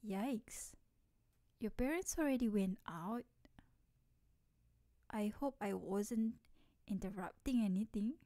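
Actress as playful tomboy best friend in ASMR role-play; mellow, unhurried, teasing. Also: female voice, mid-range voice, slight background noise. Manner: teasing, playful, laughs often. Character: energetic teasing tomboy childhood best friend, young woman.

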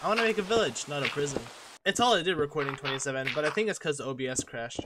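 A young gaming channel host does a casual voice-over on his own gameplay footage, joking and poking fun at himself. His voice is on the high side and very fast, and there's noise in the background.

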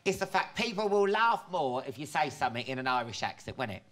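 A man's voice: medium pitch, very animated, fast. A male talk show host asking cheeky, gossipy questions in a casual chat interview. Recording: studio audience and loud background noise.

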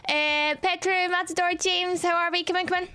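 A woman's voice: very high-pitched, little pitch movement, moderate pace, bright, forceful tone, dry recording. A woman in her twenties chatting casually on a livestream, greeting viewers one after another and laughing often. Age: 20s.

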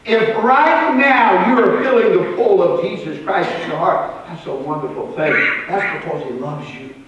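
A pastor preaching a sermon, swinging between loud and soft and repeating words. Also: male voice, high-pitched, normal speed, lo-fi sound, a loud crowd. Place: church sanctuary. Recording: roomy live church recording from a distance.

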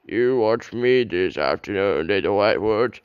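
A man voicing a big, proud male steam engine in a storybook, loud and boastful, grumbling when things go wrong. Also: lowish voice, animated, slow pace, smooth, dry recording, lo-fi sound.

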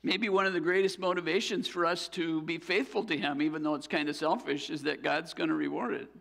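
A man's voice: a little high, steady tone, brisk, gravelly, fairly bright tone, long reverb tail. A man preaching a sermon as pastor, earnest and building to fervent exhortation. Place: church sanctuary.

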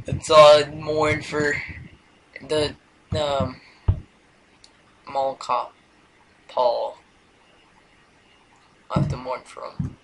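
Slow, rambling young man over hiss. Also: fairly high pitch, steady tone, gravelly, a bit bright, rough recording. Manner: rambling, hesitant, drops into mumbled whispers. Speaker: gameplay commentator. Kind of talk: casual let's-play commentary.

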